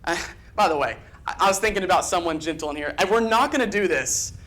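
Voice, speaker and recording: A man preaches a church sermon in an earnest, emphatic voice. He pushes ahead in quick bursts and leans on repeated phrases to drive each point home. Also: high voice, expressive, a bit bright. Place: church sanctuary.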